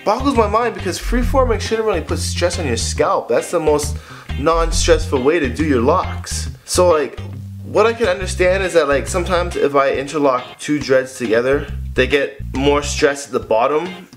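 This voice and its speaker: A man hosting a casual video Q&A, talking in a loose, playful, chatty way. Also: medium pitch. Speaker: vlogger giving hair advice. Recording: guitar music playing behind.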